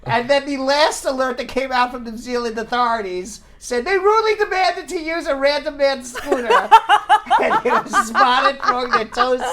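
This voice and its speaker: A man's voice: extremely high pitch, moderate pace, very noisy. A man hosting a talk show, telling news stories in a casual, laughing way. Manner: laughing, animated storytelling. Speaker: show host.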